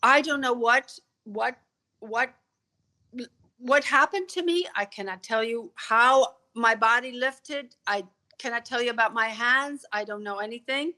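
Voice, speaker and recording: A woman's voice: on the high side, measured pace, pushed and bright. A woman telling a personal story as a podcast guest, vivid and earnest, stumbling over repeated words when moved.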